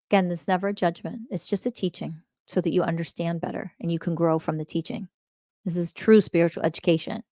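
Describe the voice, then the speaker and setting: A woman's voice: fairly low pitch, no echo, clean studio sound. Blunt, swearing woman spiritual teacher. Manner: emphatic, confrontational, swears often, fires rhetorical questions; repeats key phrases for emphasis. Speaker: podcast host and spiritual teacher.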